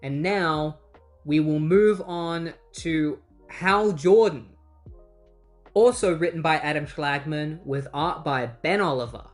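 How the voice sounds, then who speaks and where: A host walks through a comic storyline in a loose, chatty retelling, leaning on "and he's like" before acting out the lines. The pitch sits mid-range. Soft music plays low underneath. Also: slow. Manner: retells scenes casually with "is like", acting out quoted lines. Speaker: comic book retrospective host. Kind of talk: casual recap narration.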